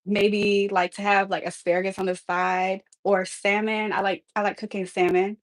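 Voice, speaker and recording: A woman livestreams casually from her home kitchen, calling her viewers "y'all" and laughing between thoughts. Her ordinary middle-pitched voice moves little in pitch at a moderate pace, and it's recorded close and dry with no room echo.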